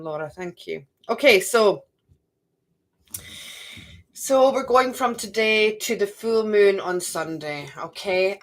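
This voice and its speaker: A woman's voice: lowish voice, a bit bright. A middle-aged woman giving a live card reading to viewers. She chats, talks to herself and repeats phrases. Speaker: card reader.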